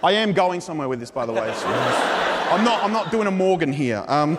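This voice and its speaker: Aussie guy doing standup, mock-serious ranting, long hall reverb, clear background noise. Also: fairly high pitch, animated, a little fast, over a noisy crowd. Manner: mock-earnest, ranting delivery. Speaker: stand-up comedian. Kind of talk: stand-up comedy set. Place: large theatre stage. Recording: live hall recording with reverb.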